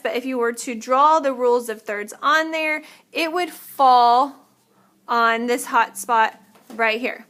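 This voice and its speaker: A woman's voice: on the high side, sharp tone. A woman teaching an art lesson, explaining step by step while demonstrating on paper and sometimes moving away from the mic.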